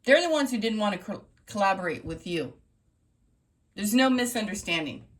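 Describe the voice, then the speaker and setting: A woman's voice: medium pitch, lively intonation, normal speed. A woman running a tarot reading channel, talking straight to her viewers in an emphatic, repetitive pep-talk style. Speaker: tarot reader.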